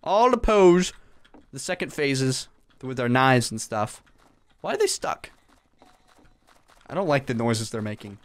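A young man giving excitable commentary on a sandbox game, panicking and shouting as things go wrong. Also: mid-range voice. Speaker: gaming YouTuber.

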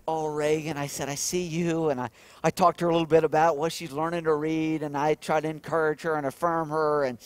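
A man preaching a heartfelt sermon as pastor, earnest, swinging between emphatic peaks and soft tender passages. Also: on the high side, dry recording. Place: church.

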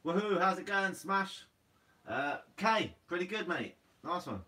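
A young man with a Guernsey accent hosts a relaxed live Q&A, sounding a bit tired and calling everyone "mate". His voice is bright and sits a little high for a man. He talks from some distance off the mic. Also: a little slow. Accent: Guernsey English. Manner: laid-back, says "mate" a lot. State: sleepy. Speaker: fishing channel host. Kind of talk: casual live Q&A reading comments.

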